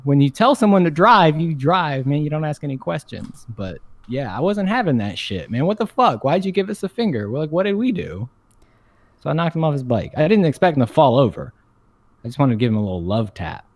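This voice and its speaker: Animated young man telling stories. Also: mid-range voice, a little fast, dry recording. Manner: animated storyteller, swears, laughs often. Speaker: podcast co-host. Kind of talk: casual chat.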